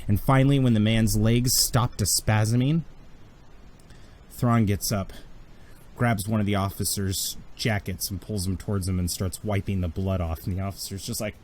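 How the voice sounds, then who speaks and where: Low-voiced man narrating a tabletop game. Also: fairly even intonation, moderate pace, a little mellow, a little hiss or hum. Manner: vivid, graphic storytelling with restarts. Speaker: game master.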